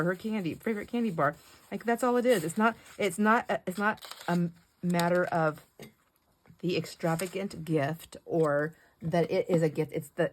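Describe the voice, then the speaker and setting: A woman's voice: fairly low pitch, a little hiss or hum. Chatty woman rambling while she crafts. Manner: rambling, chatty, laughs often. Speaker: craft vlogger. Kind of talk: casual craft chat while painting.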